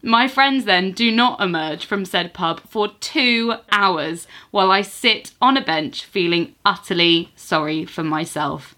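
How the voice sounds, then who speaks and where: A woman's voice: mid-range voice, measured pace, few pauses, bright, forceful tone. Giggly woman reading a story aloud. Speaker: podcast co-host. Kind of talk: casual chat and reading a listener's story aloud.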